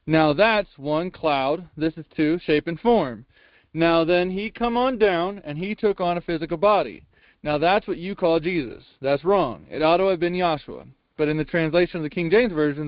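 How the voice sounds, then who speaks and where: A man's voice: a little high, no room sound, muffled recording. A man reading a sermon transcript aloud to a Bible class, emphatic and folksy, with frequent rhetorical questions. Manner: folksy double negatives.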